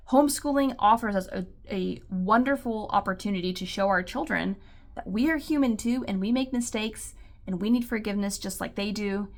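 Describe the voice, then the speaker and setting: A woman with a gravelly, fry-tinged voice who talks to other homeschool parents in an earnest, encouraging way. She sits in the middle of the female range in pitch and fills her sentences with likes and ums. Her tone stays warm in intent and reassuring. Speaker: homeschool mom and channel host. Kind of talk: encouraging talk to camera.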